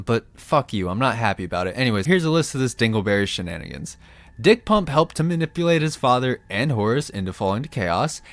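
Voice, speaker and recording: Animated, profane male lore ranter. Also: medium pitch. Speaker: YouTube lore commentator. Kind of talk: comedic lore rant.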